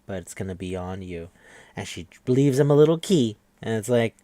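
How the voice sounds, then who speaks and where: A man hosting a podcast, recapping an anime episode in an animated, profane, incredulous chat. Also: on the low side, normal speed, no room sound.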